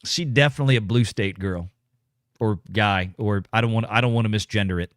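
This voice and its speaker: A man's voice: lowish voice, fairly quick, no room sound, clean studio sound. A man hosts a casual political commentary livestream, blunt and ranting as he reads viewer comments. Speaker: show host reading super chats.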